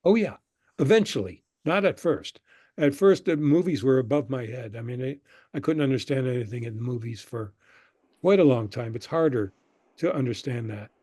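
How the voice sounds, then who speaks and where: An older man, a guest on an interview show, telling relaxed stories about his past and acting out the people he quotes. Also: medium pitch, moderate pace, no echo, studio quality. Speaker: guest, screenwriter and professor. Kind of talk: conversational interview storytelling.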